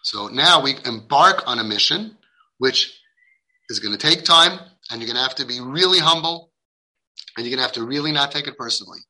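In a mid-range, pushed, bright voice with lively intonation, a man lectures parents at a fairly quick pace. He's heartfelt and emphatic, performs the dialogue he quotes, and drops in Hebrew and Yiddish religious terms; the audio quality is poor.

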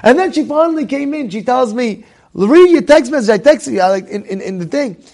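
A man telling a casual anecdote in an animated way, often repeating words and restarting his sentences. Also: very high-pitched, a little fast. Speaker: storyteller.

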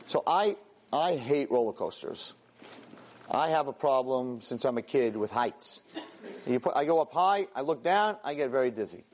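Man, rabbi, storytelling class, animated, self-mocking, hebrew and yiddish words mixed in. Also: medium pitch. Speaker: rabbi and teacher.

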